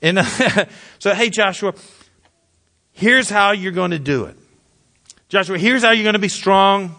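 A man's voice: high-pitched, measured pace. A man preaching a sermon in a conversational way, repeating phrases and speaking straight to his listeners. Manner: mutters scripture quietly. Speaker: pastor.

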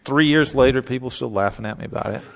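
A man's voice: medium pitch, fast, vocal fry. A man preaching a sermon as pastor, earnest and emphatic, with self-mocking humorous asides.

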